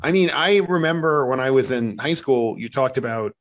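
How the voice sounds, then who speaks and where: A young man in loose podcast banter, teasing his co-host and picking apart his jokes. He talks at a mid pitch in a plain, easygoing way. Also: animated, normal speed. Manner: teasing, critiquing his partner's bits. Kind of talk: casual comedic chat.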